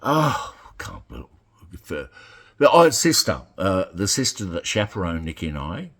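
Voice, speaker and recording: Aussie guy rambling on, real deep voice but his pitch jumps all over, keeps repeating himself. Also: wildly swooping pitch, a little slow, creaky. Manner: rambling, repeats phrases, swings loud and soft. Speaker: vlogger. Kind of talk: casual monologue.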